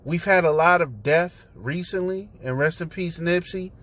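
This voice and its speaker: A man talking straight into the camera from his car, his voice sitting a little high for a man. He is loose and conversational, with plenty of slang and fillers, and sounds preachy when he drives his point home. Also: moderate pace, fairly bright tone. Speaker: host. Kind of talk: casual talk vlog. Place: inside a parked car.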